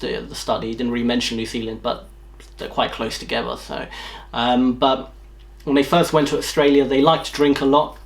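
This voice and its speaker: A male vlogger answering viewer questions in an easygoing, rambling way. He fills his pauses with ums and corrects himself as he goes. His voice sits at an ordinary mid pitch. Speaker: YouTube vlogger. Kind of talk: casual Q&A vlog.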